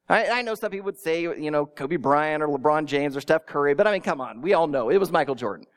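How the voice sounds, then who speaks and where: A pastor preaching a sermon, telling it with animated storytelling and acting out imagined listeners, with small stammers. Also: mid-range voice, quick pace, few pauses. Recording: long reverb in a large hall.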